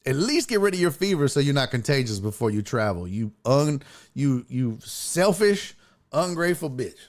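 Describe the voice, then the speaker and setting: A man's voice: medium pitch, very animated, normal speed. A man hosting a live stream, telling a story in a profane, ranting, casual way. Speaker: host.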